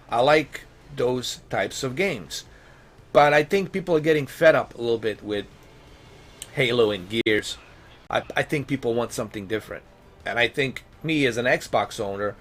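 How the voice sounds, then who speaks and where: A gaming vlogger rants about games in exasperated commentary, swearing, pleading and hammering home rhetorical questions. His voice is medium-pitched with a fairly bright tone.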